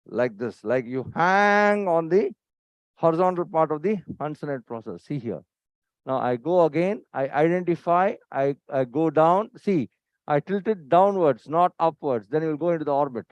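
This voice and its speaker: Man, surgeon narrating an operation, instructive and brisk, dry muffled lo-fi sound. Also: a little high, animated, no echo. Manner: instructive, repeats "see here" and quizzes listeners; brisk and impatient with staff. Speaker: surgeon teaching a procedure. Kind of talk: live surgical teaching commentary. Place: operating theatre. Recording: dry, dull lo-fi recording.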